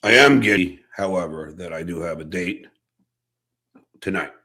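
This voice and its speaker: A man live streaming, talking in a brash, taunting way with drawn-out phrasing. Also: low-pitched, bright, forceful tone. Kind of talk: rambling live stream talk.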